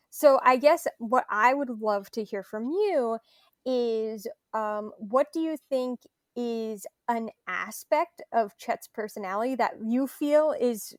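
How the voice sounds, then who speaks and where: A woman's voice: a little high, dry recording, studio quality. A woman from an audio drama cast talking through a character and asking a thoughtful interview question. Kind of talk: casual remote interview.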